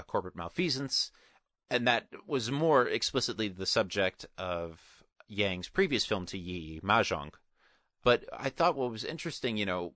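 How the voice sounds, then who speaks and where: A man's voice: fairly low pitch, sharp tone, no echo, clean studio sound. A man co-hosting a film podcast, talking casually with many restarts and qualifiers. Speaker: podcast co-host.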